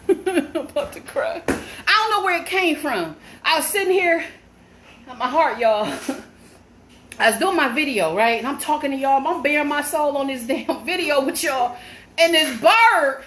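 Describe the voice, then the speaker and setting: Loud frantic woman yelling at home. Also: high voice, expressive, moderate pace, reverberant, slight background noise. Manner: loud, laughing, cursing, frantic. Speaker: vlogger. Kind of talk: panicked live vlog to viewers. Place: home indoors.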